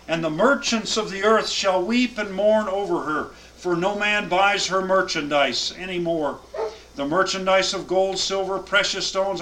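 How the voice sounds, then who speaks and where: A man's voice: high voice, bright, forceful tone, slight background noise, low-quality recording. A man teaching a Bible class, reading scripture aloud with emphatic cadence and then explaining it.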